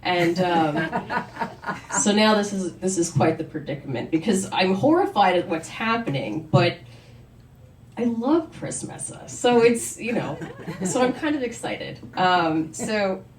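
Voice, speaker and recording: A woman's voice: mid-range voice, expressive, measured pace, slight background noise. A woman telling a candid personal story on stage at a live story night, chatty and wry. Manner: candid, conversational, with wry asides. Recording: roomy, distant live recording.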